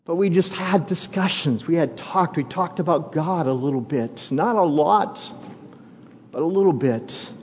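A higher-voiced man preaches from the pulpit, driving home his points through repetition. He speaks slowly and deliberately. The sound is dull and lo-fi, with a long reverb tail from a big church hall. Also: darkish tone, a little hiss or hum. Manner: emphatic, repeats key phrases for weight. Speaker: pastor. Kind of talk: sermon.

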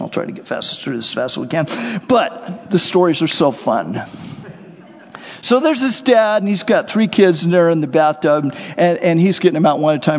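A man preaching a sermon, animated, acting out little scenes and voices as he goes. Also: fairly high pitch. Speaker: pastor. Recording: muffled sound with long hall reverb.

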